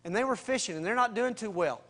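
A man preaching a sermon in a conversational, slangy way, swinging between loud and hushed. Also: high voice, lively intonation, fast talker. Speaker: pastor.

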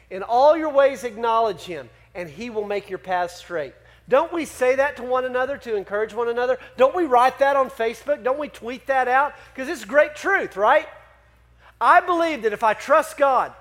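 A man with a notably high voice preaching to his congregation. He is animated and keeps firing questions at the crowd to draw them in. His delivery swings between punchy emphasis and quieter explaining. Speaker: pastor. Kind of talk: sermon.

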